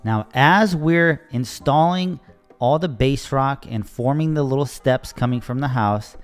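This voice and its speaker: Soft background music plays under a young man's mid-range, slightly slow voice-over narration for a timelapse. A landscaping contractor, he casually recounts an exasperating job story, acting out those he quotes.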